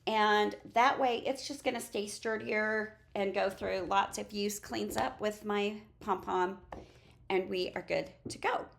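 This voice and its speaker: A woman's voice: medium pitch, steady tone, measured pace, vocal fry. A woman preschool teacher casually walking through her classroom materials, acting out routines she uses with the children. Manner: chatty, demonstrates classroom routines aloud. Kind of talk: casual classroom-resource walkthrough.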